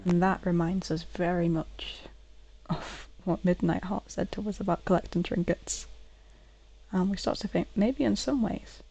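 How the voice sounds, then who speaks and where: Sanfte Frau kommentiert ein Spiel. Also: female voice, on the low side, steady tone, measured pace, creaky, mellow, soft background music, poor audio. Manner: musing, chatty. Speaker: game playthrough narrator. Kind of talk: casual game commentary.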